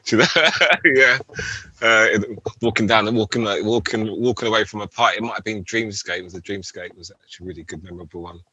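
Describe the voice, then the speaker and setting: A man's voice: lowish voice, fairly even intonation, quick pace, pushed and bright, breathy edge, dry recording. A man in his forties, a rave MC guest, chatting casually and rambling, often adding "do you know what I mean". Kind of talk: casual interview chat.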